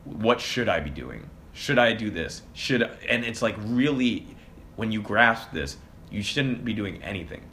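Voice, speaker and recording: Bright-voiced, opinionated man, lightly hissy. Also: fairly low pitch, expressive, a little slow. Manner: opinionated, reflective, with fillers. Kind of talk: casual conversation.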